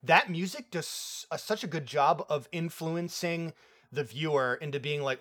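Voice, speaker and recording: Young male co-host, excitable and loose, casual film chat, a touch higher pitched. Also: normal speed. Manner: excitable, laughs often, swears casually. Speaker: podcast co-host. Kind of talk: casual movie review chat.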